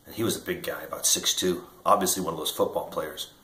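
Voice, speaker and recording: Man, Midwestern American accent, middle-aged, very low voice, earnest storyteller, echoey room. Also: steady tone, quick pace, bright, forceful tone. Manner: earnest storytelling, acts out quoted dialogue. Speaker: inventor and company founder. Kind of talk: direct-to-camera promotional talk.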